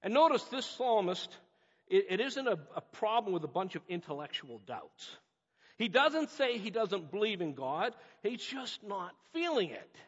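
A man's voice: high-pitched, sing-song, normal speed, husky. A man from North America preaching a sermon as a pastor, earnest and emphatic, repeating key phrases. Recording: dull lo-fi audio with long hall reverb.

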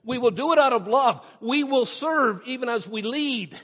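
A man preaching a sermon with animated delivery, slowing down for emphatic phrases and speeding through quick asides. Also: very high-pitched, husky. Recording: muffled sound in a reverberant hall.

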